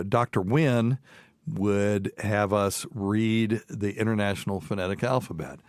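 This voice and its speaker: A man's voice: low-pitched, no echo. A middle-aged man from the mountains of North Carolina with a light Southern accent, hosting a podcast in a rambling, folksy way with many fillers and restarts. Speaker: podcast host. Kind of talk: casual chat.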